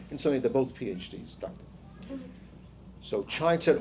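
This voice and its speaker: An older man teaching a seminar in a loose, talky way, his voice at a middling pitch. He drifts into anecdotes and asides and keeps checking whether the room is following. A faint hiss sits under his speech. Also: expressive, fairly quick, a little mellow. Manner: storytelling, quizzes the group; asides, frequent "you see". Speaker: seminar leader. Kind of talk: conversational lecture.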